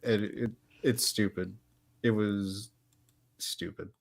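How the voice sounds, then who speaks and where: A man on a podcast panel, speaking in a lowish voice. He chats casually and lays things out in a matter-of-fact way. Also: fairly even intonation, slow, gravelly. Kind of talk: casual chat.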